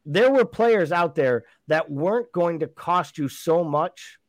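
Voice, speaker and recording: Co-host: man, slightly high voice, wry, dry close mic. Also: lively intonation, measured pace, no echo. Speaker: podcast co-host. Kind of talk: casual football fan chat.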